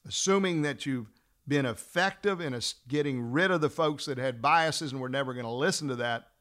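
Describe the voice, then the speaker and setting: A man teaching fellow trial lawyers, telling a story and acting out the dialogue, then slowing down to stress his key points. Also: medium pitch. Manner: acts out dialogue in a lively storytelling way. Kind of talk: storytelling lecture.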